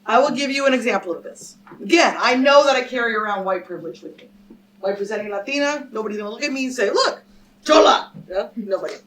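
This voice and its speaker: A woman's voice: a little high, fast, fairly bright tone. A woman scholar giving a public lecture and telling a story to a live audience, emphatic and direct, often turning to the crowd with questions. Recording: speaker a little far from the mic, faint background noise.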